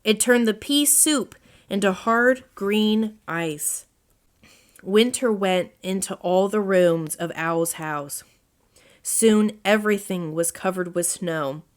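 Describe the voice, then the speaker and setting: A woman reading a children's storybook aloud as narrator, in a gentle read-aloud manner. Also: mid-range voice, takes it slowly.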